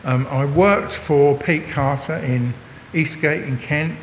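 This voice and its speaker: An Englishman in his sixties, a visiting preacher giving a chatty, joking church talk that draws in his listeners. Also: slow pace. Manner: chatty and jokey, talks to the congregation. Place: church hall. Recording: long hall reverb, faint rumble.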